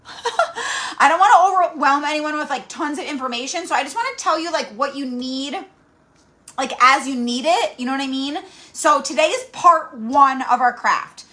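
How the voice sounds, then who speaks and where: Bubbly lady running a craft live stream, super high pitched and really bright, squeals a lot. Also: moderate pace. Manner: bubbly and excitable, squeals and laughs often. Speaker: craft livestream host. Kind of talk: casual live-stream chat greeting viewers.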